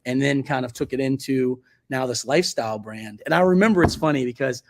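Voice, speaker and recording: A man in his forties, a photographer being interviewed, telling stories in a loose, rambling way full of fillers and self-corrections. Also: a little fast. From Virginia Beach, United States. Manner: acts out quoted speech in a much higher voice. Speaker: guest photographer. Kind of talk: casual interview storytelling.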